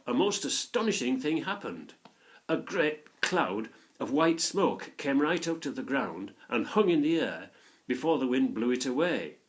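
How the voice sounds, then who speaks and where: A man narrates a children's book aloud with an expressive storytelling lilt. His voice sits mid-range in pitch but moves lively up and down through each sentence.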